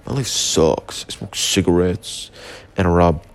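A drunk man putting on the deep, mumbling voice of a sullen young man in a hood. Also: a little slow, gravelly. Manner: low mumbling, mopey.

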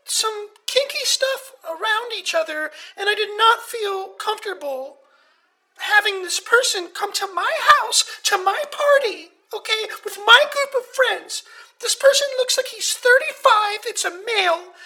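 A woman playing a whiny, easily offended young millennial caller who grows indignant and shouts. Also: extremely high pitch, lively intonation, unhurried, exaggerated voice, poor audio. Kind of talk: comedy sketch acting.

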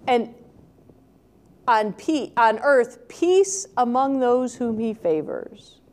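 Woman preacher, high voice, casual sermon with rhetorical asides. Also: slow pace. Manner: conversational, asks rhetorical questions, animated when quoting. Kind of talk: scripture reading and reflective sermon.

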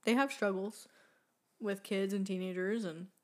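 Young woman co-host, earnest casual chatter, middle pitch, filler-heavy. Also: steady tone, normal speed, darkish tone. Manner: chatty, earnest, many fillers, laughs often. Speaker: podcast co-host. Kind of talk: casual chat.

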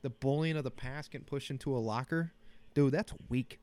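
A man's voice: medium pitch, brisk, a little mellow, no echo. A man in his thirties hosting a casual solo podcast from a small cold home office, joking, self-deprecating and rambling, with a slight sniffle. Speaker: podcast host.

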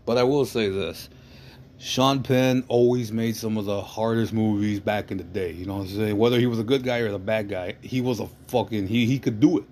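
Man, lowish voice, casual rambling film recap, profane, faint hum behind. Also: brisk, a little mellow. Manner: rambling, profane, frequent "you know what I mean".

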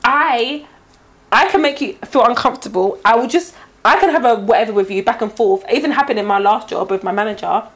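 A woman's voice: on the high side, brisk. A woman from Britain in casual chat, telling stories with emphatic repetition. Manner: animated storytelling, emphatic repetition.

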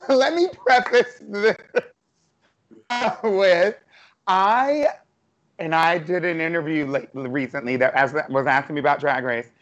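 Woman, host, casual streamed chat, animated, laughs a lot, video call. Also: low-pitched, slow, long pauses, dull audio, noisy background. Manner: chatty and animated, laughs often.

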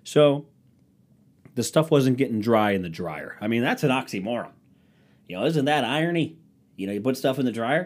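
A young man with a fairly low voice hosts a casual solo podcast. He rambles from one story to the next, swears freely and calls himself scatterbrained. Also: animated, normal speed, a little mellow. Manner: rambling, profane, scatterbrained, mocking voices for quotes. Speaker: podcast host.

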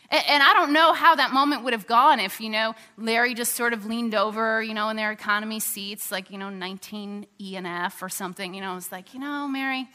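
High bright woman preaching in a hall. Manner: conversational, animated, many fillers. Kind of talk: sermon with storytelling. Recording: long hall reverb.

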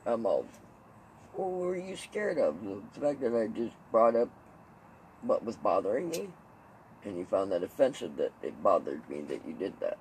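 Animated man telling stories casually. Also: on the low side, moderate pace, a little hiss or hum, poor audio. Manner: animated storytelling, swearing, laughing, mimicking others. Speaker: podcast host. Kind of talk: casual chat.

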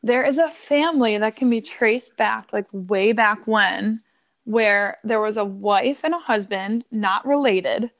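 A woman from Buffalo, New York, telling a story in casual podcast chat, animated and swearing, laughing often. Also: medium pitch, unhurried, muffled recording.

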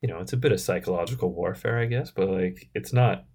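Husky low voiced guy in his 30s rambling on a podcast, lots of likes and you knows. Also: fast talker. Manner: relaxed, rambling, many fillers like "like" and "you know". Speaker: podcast co-host. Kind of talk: casual chat.

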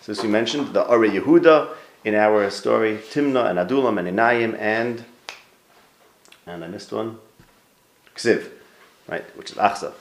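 A man leading an informal Torah class, talking things through and asking his students for words. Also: lowish voice. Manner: conversational, thinks aloud, restarts and quizzes listeners. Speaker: Torah teacher. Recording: roomy echo.

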